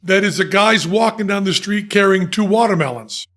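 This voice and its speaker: A man's voice: sits high, normal speed. A man hosting a podcast who tells a comic anecdote and laughs in the middle of his sentences. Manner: animated storyteller who laughs mid-sentence. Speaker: podcast host. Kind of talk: comic storytelling chat.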